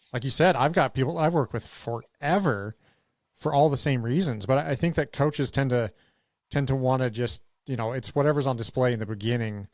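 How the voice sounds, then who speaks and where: A man hosting a podcast interview who also runs a gym, chiming in with eager agreement and quick affirmations. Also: medium pitch, dry recording. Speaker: podcast host, gym owner.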